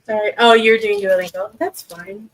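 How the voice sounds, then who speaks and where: Here the same kind of livestream host speaks in a steady, mid-range voice at a moderate pace, talking loosely with her live chat from a desk at home. This young woman fills her rambling with restarts and filler words, and the audio quality is low.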